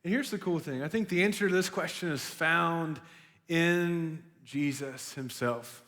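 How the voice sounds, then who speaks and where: Young guy youth pastor, high bright voice, talks super casual, big echoey hall. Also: a little slow. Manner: chatty and animated, lots of "like" and "right?". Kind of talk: casual sermon to students. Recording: long hall reverb.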